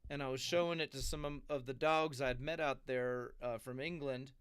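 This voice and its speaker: A man's voice: mid-range voice, steady tone, normal speed, very noisy. A man hosting a podcast, talking in a laid-back, slangy, chatty way. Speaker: podcast host. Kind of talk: casual chat.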